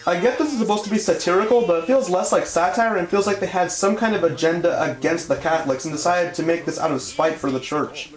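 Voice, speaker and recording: A man delivers sarcastic review commentary, sounding exasperated and mocking. His voice sits a little high for a man, and it bounces around an echoey room. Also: fast, hardly any pauses. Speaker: show reviewer.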